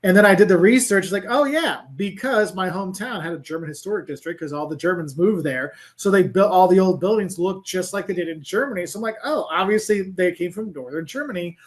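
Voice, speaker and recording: A middle-aged travel creator and professor, appearing as an interview guest, talks fast in a high voice with hardly any pauses. His casual chat is rambling and animated, loaded with "like" and restarts.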